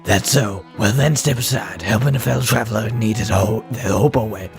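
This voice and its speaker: Man putting on a gravelly lazy hobo. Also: on the low side, moderate pace, over music, lightly acted. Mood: lazy, friendly. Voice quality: gravelly, throat-straining.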